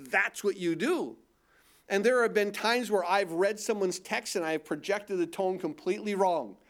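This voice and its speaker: Middle-aged male pastor, high voice, lively preaching, acts out quotes with different tones. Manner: animated preaching, acting out quotes in shifting tones. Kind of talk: sermon.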